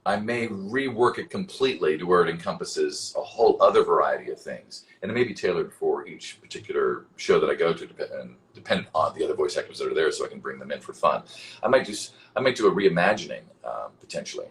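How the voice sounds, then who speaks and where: Speaking fast and expressively in a low voice, a man in his fifties reads fan questions during a livestream Q&A, with slight background noise. His replies are rambling and casual, and he swears freely.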